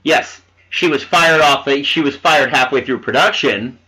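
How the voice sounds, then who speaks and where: A man in casual chat reviewing a film with friends, animated, swearing and laughing while he hunts for names. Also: medium pitch, a little slow, husky, poor audio. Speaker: podcast co-host reviewing a film.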